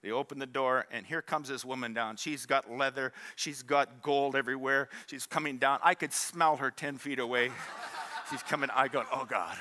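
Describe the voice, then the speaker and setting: A man, preaching a sermon in an animated, joking storytelling way and drawing in the congregation. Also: mid-range voice, normal speed. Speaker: pastor.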